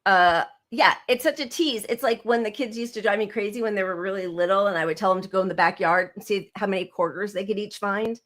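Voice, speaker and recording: A woman's voice: medium pitch, fast, hardly any pauses, a bit bright. Chatty woman podcast co-host in her forties. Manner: chatty and giggly, with many fillers. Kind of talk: casual podcast chat.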